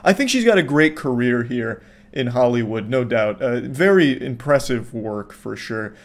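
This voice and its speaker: A man delivering sarcastic commentary in a dry, deadpan voice. His pitch sits in an ordinary middle range, and the swearing comes out flat and sardonic. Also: normal speed.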